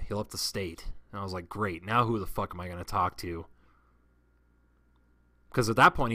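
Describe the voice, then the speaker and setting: Guy rambling thru a work story, swears a lot, lowish voice, bright forceful tone. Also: no room sound. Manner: profane, rambling, frequent restarts. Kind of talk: casual storytelling monologue.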